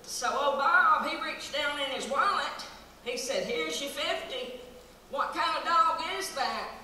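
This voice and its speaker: On a live stage in a large hall, a woman plays a character, spinning folksy country comedy tales in a drawl, chatty and playful. She speaks at a measured pace in a high, bright, forceful voice. The audio is distant, noisy, and full of hall echo.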